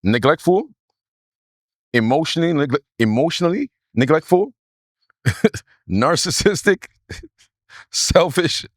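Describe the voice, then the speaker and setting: A man's voice: fairly high pitch, lively intonation, takes it slowly, pauses often, no echo, studio quality. Insistent man co-hosting a podcast. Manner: insistent, repeats himself, talks over his partner. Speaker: podcast co-host. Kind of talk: casual argumentative chat.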